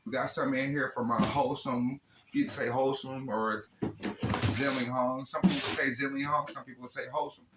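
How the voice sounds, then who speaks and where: A man's voice: medium pitch, fairly even intonation, moderate pace. A man hosting a casual hobby unboxing video, talking in a laid-back, slangy way and often adding "man" and "you know what I'm saying". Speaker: RC hobby channel host. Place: indoor room he calls his lab. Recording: echoey room with faint noise.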